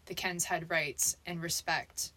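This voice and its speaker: A woman's voice: fairly low pitch, steady tone, slow pace, bright, forceful tone. A young woman co-hosting a podcast in casual chat, earnest and agreeable, often restarting her sentences. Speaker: podcast co-host.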